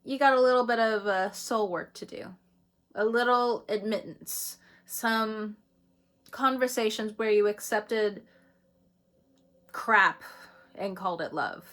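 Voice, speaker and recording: Woman, mid-pitched voice, loose and chatty for a spiritual reading, quick laughs throughout and casual swearing. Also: a bit bright. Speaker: astrology reader.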